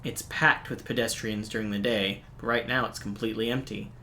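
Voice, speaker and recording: A man streaming a game, reading its visual novel text aloud in a steady, even narration broken by quick, dry asides. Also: fairly low pitch, slight background noise. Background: faint game music.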